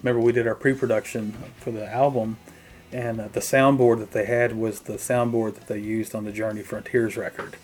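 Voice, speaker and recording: A man's voice: lowish voice, level tone, a little fast, a little mellow. A middle-aged man, a drummer, casually recounting his band days in an interview, mimicking the people he quotes. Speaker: guest musician, drummer.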